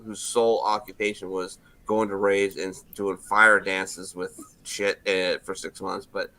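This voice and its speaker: A man in his forties hosting a casual bar-style talk show, telling loud, profane stories and acting out the quotes. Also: deep voice, level tone, a little slow. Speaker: podcast host. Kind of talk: casual bar-room chat.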